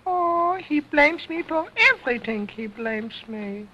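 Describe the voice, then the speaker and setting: A man's voice: extremely high pitch, expressive, a little slow, voice pushed up. A man voicing a cheeky little boy ventriloquist dummy, wisecracking in broken English, on a dull lo-fi old recording. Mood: sassy.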